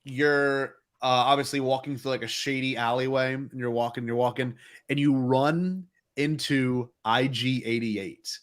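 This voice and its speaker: A man's voice: mid-range voice, unhurried. Eager man describing his game scene. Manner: animated, eager, repeats himself. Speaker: player. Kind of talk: casual role-play chat.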